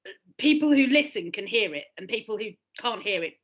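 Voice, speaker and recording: Lively London woman on a video call. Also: mid-range voice, brisk, husky, lo-fi sound. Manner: animated, explains by demonstrating. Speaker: guest. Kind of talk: casual podcast chat.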